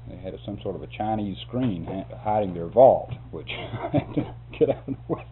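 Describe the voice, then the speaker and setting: A man's voice: fairly low pitch, animated, brisk. A man telling a long story in a casual, rambling way. He chuckles often and restarts words. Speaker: interviewee telling a work story. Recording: phone-like lo-fi tape with faint hum.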